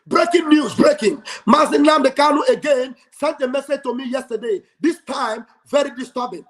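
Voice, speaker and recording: High-pitched man shouting sermon-style. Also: normal speed. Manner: shouting, preacher-like call and response. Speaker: livestream host. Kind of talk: fiery livestream speech. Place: home livestream studio.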